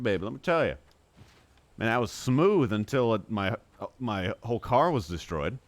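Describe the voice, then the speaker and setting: Excitable, jokey male streamer. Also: fairly low pitch, moderate pace, dry recording. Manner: excitable, jokey, talks to chat. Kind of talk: live gameplay commentary.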